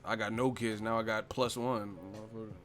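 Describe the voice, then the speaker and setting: A man's voice: fairly low pitch, flat delivery, brisk, a bit bright, faint music behind. A man hosting a live stream chat about boxing, talking in a loose, profane way and repeatedly cracking up laughing. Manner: profane, giggly, keeps breaking into laughter. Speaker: boxing channel host.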